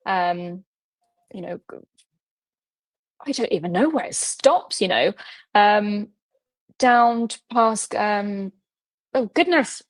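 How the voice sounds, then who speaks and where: A woman's voice: mid-range voice, lively intonation, slow, long pauses. A woman guest on a podcast interview, talking in a friendly, casual way, laughing easily with hesitant fillers.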